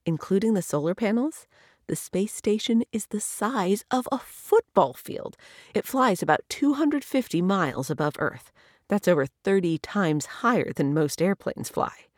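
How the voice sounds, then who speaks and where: A woman reading children's books aloud in an expressive, sing-song storytelling manner. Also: mid-range voice, unhurried, dry recording, clean studio sound. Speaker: narrator. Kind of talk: children's book read-aloud.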